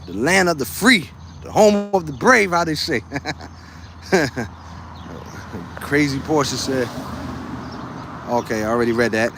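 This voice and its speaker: An American man hosts a casual livestream, reading viewer comments, laughing a lot, and repeating phrases as he goes. His voice is a little high and unhurried, with frequent pauses and some background noise.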